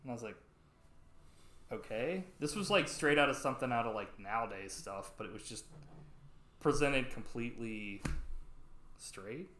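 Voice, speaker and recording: A man's voice: medium pitch, normal speed, slight background noise. A man co-hosting a podcast in casual chat, rambling through long retellings of old sketches. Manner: rambling, animated retellings with acted-out quotes. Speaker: podcast co-host. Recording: roomy echo.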